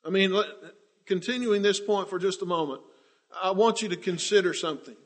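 A man preaching a sermon with passion, swinging between loud declarations and hushed, drawn-out words. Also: high-pitched.

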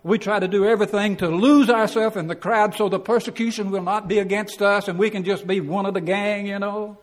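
A man's voice: high-pitched, steady tone, brisk, in a large hall. A man preaching a Bible class sermon in a folksy, plainspoken way, acting out quotes and chuckling.

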